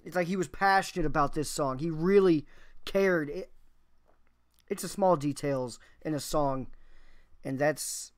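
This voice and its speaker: A man's voice: on the high side, a little slow, long pauses. A man hosting a music reaction video, talking casually and enthusiastically, thinking aloud and swearing now and then.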